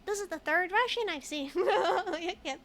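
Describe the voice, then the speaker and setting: A woman's voice: extremely high pitch, unhurried, a bit bright, slight background noise. A woman streaming a video game in a casual, chatty way, laughing often while she reads game text aloud and answers chat.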